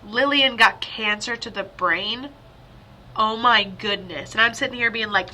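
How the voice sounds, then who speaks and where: A woman psychic medium giving a chatty, rambling spirit reading over a video call, with sudden excited outbursts. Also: a little high, unhurried.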